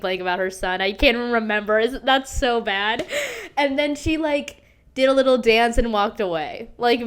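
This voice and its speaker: A woman's voice: medium pitch, clear, resonant tone. A young woman hosting a podcast, chatting through a story in a dramatic, gossipy way, full of "like", swearing and bursts of laughter. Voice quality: animated, breaks into laughter and squeals. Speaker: podcast host. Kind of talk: casual storytelling chat.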